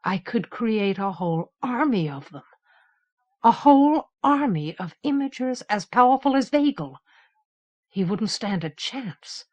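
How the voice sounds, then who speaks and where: Brooding young male imager, measured and withdrawn, audiobook read by a woman. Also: a little high, big pitch swings, darkish tone. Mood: guarded. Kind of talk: audiobook character reading.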